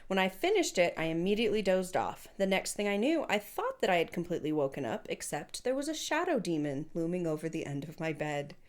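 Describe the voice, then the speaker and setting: Low-voiced woman, playful podcast co-host. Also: big pitch swings, fairly quick, few pauses. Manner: playful, teasing reactions. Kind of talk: casual chat, reading listener stories aloud.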